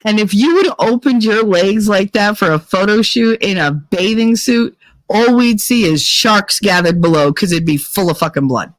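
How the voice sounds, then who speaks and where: A woman's voice: mid-range voice, normal speed, no room sound. A woman hosting a live podcast, chatting casually and candidly with her listeners, slipping into profane, sarcastic rants. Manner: candid and confessional. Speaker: podcast host. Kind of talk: casual chat to a live audience.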